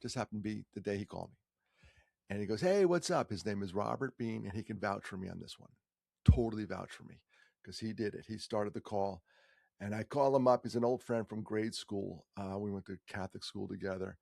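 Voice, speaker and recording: Gravelly low-voiced man telling a story. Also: a little fast, no room sound, clean studio sound. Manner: chatty, joking asides, lively stress. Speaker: nonprofit founder telling a personal story. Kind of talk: casual personal storytelling.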